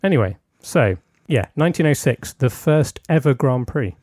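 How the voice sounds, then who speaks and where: A man's voice: medium pitch, expressive, normal speed, a little mellow, husky, dry recording, studio quality. A man co-hosting a casual podcast, recounting history with hesitant, filler-heavy storytelling. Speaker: podcast co-host.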